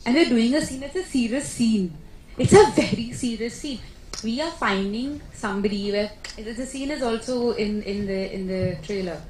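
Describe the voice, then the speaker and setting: Actress at a press meet, animated storyteller, slightly high voice, roomy echo. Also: female voice, normal speed. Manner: chatty, animated storytelling with laughs. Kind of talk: casual press conference answers. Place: press conference room. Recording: echoey room, faint background noise.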